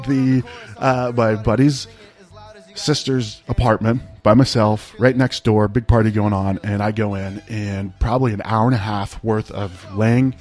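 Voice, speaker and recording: Chill guy rambling thru a story, kinda low voice, lots of "like" and "right?". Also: darkish tone. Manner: rambling, laid-back, peppered with "like" and "right?". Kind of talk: casual personal storytelling.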